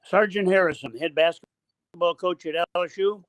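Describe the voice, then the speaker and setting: An older man, a basketball coach, telling a long anecdote in halting, broken-up phrases. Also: sits high, a bit bright, no room sound, poor audio. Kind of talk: anecdotal storytelling.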